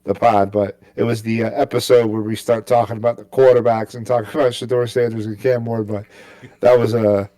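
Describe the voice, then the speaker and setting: A man's voice: mid-range voice, level tone, a little fast, mellow, dry recording. A man co-hosting a sports podcast, chatting casually and rambling with lots of fillers and restarts. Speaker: podcast co-host.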